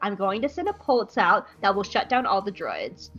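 A woman's voice: mid-range voice, big pitch swings, moderate pace, a bit bright, muffled recording, soft background music. Woman doing an eye-rolling young clone soldier. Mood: dismissive.

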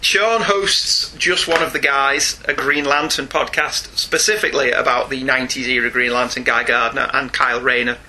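A man's voice: medium pitch, steady tone, sharp tone. A middle-aged British man co-hosting a podcast, reading out listener emails in a chatty manner with frequent laughs. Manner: chatty, slows down and laughs often. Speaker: podcast co-host.

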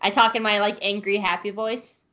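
A woman's voice: mid-range voice, flat delivery, normal speed, a bit bright. Chatty woman with a lo-fi sound. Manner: chatty, laughs often, lots of fillers. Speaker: podcast co-host. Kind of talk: casual chat about a cartoon series. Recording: dull lo-fi sound.

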